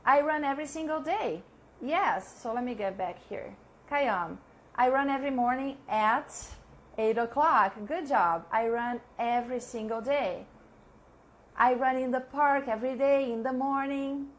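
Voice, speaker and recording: Chatty English teacher. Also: female voice, sits high. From Brazil. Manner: chatty, repeats example sentences slowly, laughs often. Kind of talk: live online English lesson.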